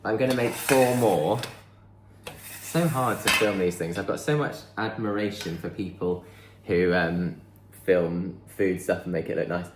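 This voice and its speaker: In a roomy-sounding home kitchen with slight background noise, a deep-voiced man talks unhurriedly as he bakes. He's a vlogger in casual, rambling chat, thinking aloud along the way.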